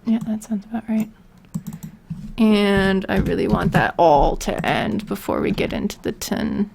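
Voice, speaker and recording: Woman streaming casually, slow gravelly voice, muttering to herself and chatting with viewers. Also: mid-range voice, darkish tone, a little hiss or hum. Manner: muttering to herself while she works, answering chat. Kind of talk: casual live-stream chat, thinking aloud.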